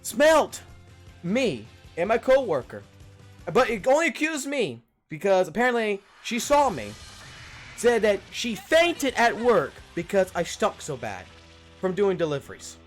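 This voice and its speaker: A high-pitched man from Louisiana hosts a casual stream and talks while he games. His speech is loose and profane, and he yells at the screen now and then. Music plays faintly behind him. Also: a little slow. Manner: profane, animated, yelling at the game. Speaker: streamer and podcast host.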